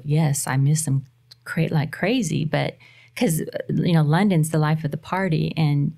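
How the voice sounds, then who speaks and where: A woman's voice: deep voice, vocal fry, warm tone. A middle-aged woman on a podcast, earnestly giving motherly advice in casual chat. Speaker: guest mother.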